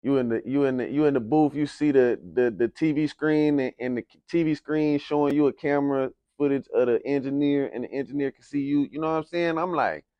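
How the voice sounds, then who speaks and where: A man's voice: medium pitch, fairly quick, few pauses, clear, resonant tone, no room sound, highs cut off. A young man from San Antonio, Texas, telling his life story in a casual interview, heavy on slang and "you know what I'm saying". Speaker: interview guest, rapper.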